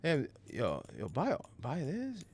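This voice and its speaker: A man giving casual, playful gameplay commentary as a gaming streamer, joking and excitable. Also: fairly high pitch, takes it slowly, a little hiss or hum.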